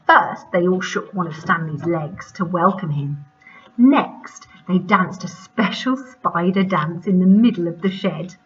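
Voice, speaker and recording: A female primary school teacher reading a storybook aloud to children in an expressive, sing-song manner, on a muffled recording. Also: fairly low pitch, unhurried.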